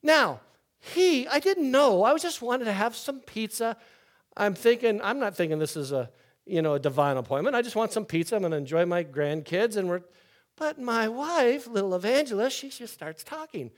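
Preaching at a moderate pace, an older man serving as pastor gives a sermon in a chatty storytelling style, shifting from loud, lively moments to quiet, low ones.

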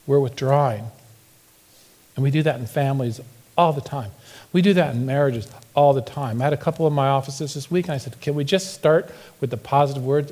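A man's voice: on the high side, darkish tone. A middle-aged man preaching a humorous sermon in church, telling playful stories and acting out quotes. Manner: playful storytelling, acts out quotes. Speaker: pastor. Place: church sanctuary.

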